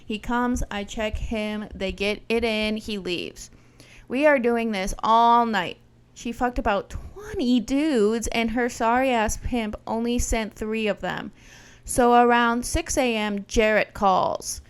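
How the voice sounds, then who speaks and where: A woman's voice: fairly high pitch, slow, smooth. A young adult woman, a podcast host, telling a wild story in a brash, profane, punchy way. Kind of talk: casual storytelling, retelling a wild night.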